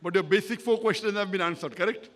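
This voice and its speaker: Talking fast in a high, fairly bright voice, a man lectures at a public Q&A, replying to an audience member as an Islamic lecturer. He hammers his points home, repeats them, and keeps asking "correct?" to confirm he's understood.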